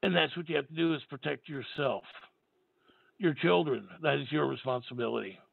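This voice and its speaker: A tired man with a raspy voice, hosting a call-in talk show and rambling emphatically. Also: fairly high pitch, brisk, dry recording. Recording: tinny phone line.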